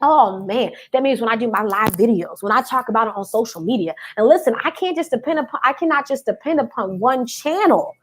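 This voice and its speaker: A woman with a fairly high voice coaching business owners on a live stream. She talks with a lot of energy and repeats her points to drive them home. She keeps calling on her viewers to answer back, with traces of in her speech. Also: brisk, hardly any pauses. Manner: energetic, call-and-response, repeats for emphasis.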